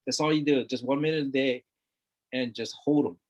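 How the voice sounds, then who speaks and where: A man's voice: medium pitch, fairly even intonation, normal speed, darkish tone. A middle-aged man from Hawaii, a guest talking earnestly in a casual conversation, repeating words for emphasis. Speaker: interview guest.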